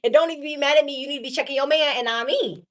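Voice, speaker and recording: Brief: young woman tarot reader, casual and sassy, curses freely, laughs a lot, voice on the higher side. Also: rapid-fire, a bit bright. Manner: sassy, profane, laughs often. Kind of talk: casual tarot reading to viewers.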